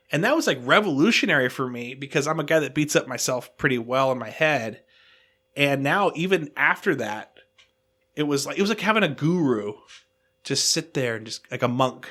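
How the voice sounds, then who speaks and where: Man, casual podcast host, lively pitch, self-deprecating storyteller. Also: moderate pace. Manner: animated, self-deprecating, quotes people in voices.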